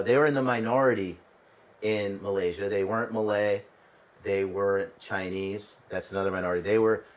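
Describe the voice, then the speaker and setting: A man's voice: fairly low pitch, far from the mic, low-quality recording. A man hosting a travel channel, telling stories in a conversational way with restarts and asides to the listener. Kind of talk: casual storytelling monologue.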